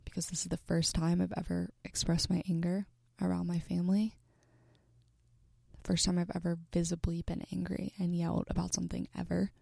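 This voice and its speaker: A woman in her twenties tells a personal story to the camera, earnest but halting and starting over. Her low voice is gravelly with vocal fry, her delivery flat, and she often drops into a breathy near-whisper. The recording is close and dry, with no room sound.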